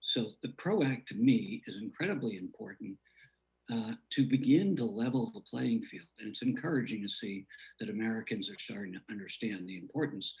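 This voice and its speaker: A man serving as a congressman, questioning a witness at a hearing in a measured way, his phrases trailing off quietly. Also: on the low side, rough recording.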